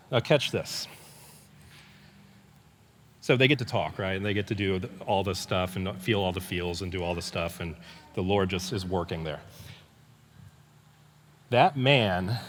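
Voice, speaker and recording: An older pastor preaches in a relaxed storytelling way, stopping and restarting his sentences often. His mid-pitched voice rings out with a long reverb from a church hall. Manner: conversational storytelling with many restarts and fillers. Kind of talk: sermon. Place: church sanctuary.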